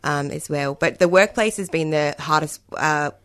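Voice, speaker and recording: Woman guest, deep register, tentative, filler-heavy. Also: moderate pace, a bit bright. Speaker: panel guest. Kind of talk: casual discussion.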